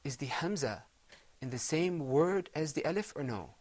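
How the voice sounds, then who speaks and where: A man's voice: fairly high pitch, lively intonation, normal speed, darkish tone. A middle-aged man teaching Quran recitation in a televised lesson, patiently explaining step by step and chanting Arabic examples.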